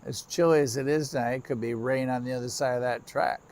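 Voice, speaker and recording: Chatting casually with viewers, a weary middle-aged railfan streams live beside the tracks at night, crickets and insects chirping around him. He talks fast in a mid-range, darkish voice with fairly even intonation, over slight background noise.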